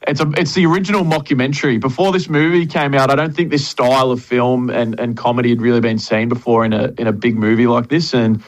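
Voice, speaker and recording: A man's voice: medium pitch, steady tone, quick pace, hardly any pauses, poor audio. A man on a radio show explaining a film's plot with enthusiasm. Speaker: radio guest, film reviewer. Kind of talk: casual radio chat.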